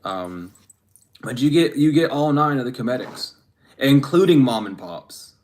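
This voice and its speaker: A man's voice: mid-range voice, very animated, a little slow, a little mellow. A man giving a casual spiritual reading to camera, talking bluntly and profanely, rambling with frequent restarts. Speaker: spiritual reader.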